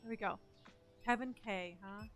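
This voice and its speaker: A woman live-streaming from home, chatting in a self-mocking way as she plays and sometimes yelling loudly at the customers in the game. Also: medium pitch, moderate pace, faint music behind. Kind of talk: casual live-stream commentary while gaming.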